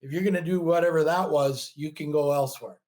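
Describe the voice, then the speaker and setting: A man voicing a strict, gruff old-school male gym owner who barks blunt commands. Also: on the high side, steady tone, a little fast, darkish tone, close to an everyday voice. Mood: stern.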